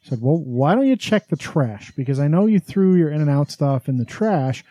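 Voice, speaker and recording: A man's voice: a little high, very animated, moderate pace, warm tone, dry recording. A middle-aged man co-hosting a podcast, telling a family story in a boastful, profane way and acting out both sides of a conversation. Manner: boastful, swears freely, acts out dialogue. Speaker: podcast co-host. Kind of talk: casual storytelling chat.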